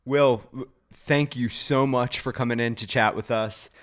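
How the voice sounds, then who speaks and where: A man's voice: mid-range voice, steady tone, unhurried. Male podcast host wrapping up. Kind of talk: conversational interview.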